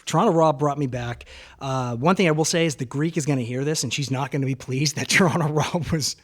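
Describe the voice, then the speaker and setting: A man's voice: on the high side, a little fast. A man co-hosting a podcast in casual, rambling chat, full of "um"s and casual swearing. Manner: chatty, many "um"s, swears casually. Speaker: podcast co-host.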